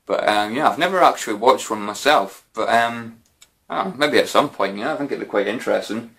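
A man's voice: on the low side, brisk, a bit bright. A man answering viewer questions in a casual, rambling way, with lots of fillers and mild swearing. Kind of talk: casual Q&A chat.

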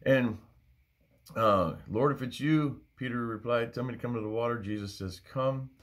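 A man's voice: medium pitch, normal speed. A middle-aged man teaching a Bible study in an earnest, conversational way, often repeating phrases for emphasis.

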